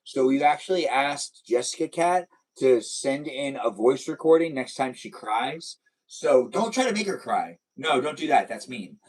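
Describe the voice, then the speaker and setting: A man's voice: mid-range voice, rough recording. A young man hosting a casual live stream, chatting playfully and answering viewers' comments.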